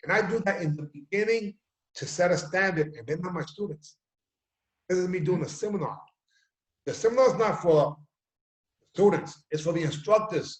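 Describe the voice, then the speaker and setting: A man hosting a casual video chat, an animated storyteller who acts out the quotes he tells. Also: high voice. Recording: echoey room.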